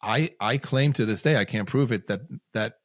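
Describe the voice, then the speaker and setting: A man's voice: fairly low pitch, moderate pace, dry recording, clean studio sound. A man, a guest parenting coach, talking earnestly in a casual podcast conversation and often repeating words as he gathers his thoughts.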